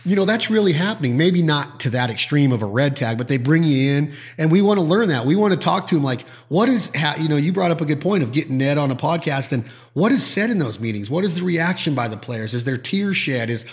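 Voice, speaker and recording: A man's voice: on the high side, a little fast, few pauses. A man hosting a podcast, talking casually and acting out quoted people as he tells stories. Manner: animated storyteller who acts out quoted voices. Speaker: podcast host. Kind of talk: casual chat.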